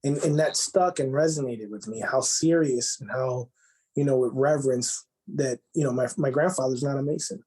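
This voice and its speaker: Animated man telling stories on a podcast. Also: medium pitch, moderate pace, slightly rough, low-quality recording. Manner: animated, frequent "right?" asides, mixes in Spanish phrases. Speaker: podcast guest, lodge master. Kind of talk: casual storytelling interview.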